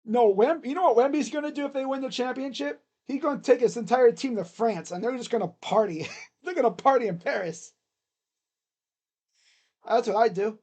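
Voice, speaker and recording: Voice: medium pitch, moderate pace, darkish tone. A sports reaction streamer giving casual live play-by-play, rambling and joking between plays and stretching out the calls during the action.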